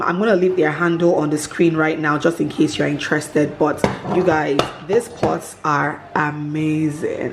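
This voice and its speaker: A woman, chatting casually to her vlog audience, gushing and laughing often. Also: fairly low pitch. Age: 30s. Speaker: vlogger.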